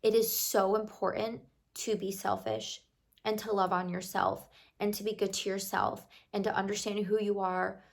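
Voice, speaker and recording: A woman's voice: medium pitch, creaky. A young woman who is losing her voice, chatting to her viewers in a gushing, friendly vlog. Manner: warm, gushing, talks to viewers like a close friend. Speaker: lifestyle vlogger. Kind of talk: chatty talking-to-camera vlog.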